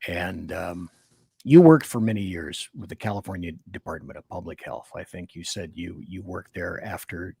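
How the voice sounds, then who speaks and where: A man hosting a talk radio interview, animated and rambling, often cutting himself off and restarting. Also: fairly low pitch, breathy edge, dry recording, clean studio sound. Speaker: radio show host.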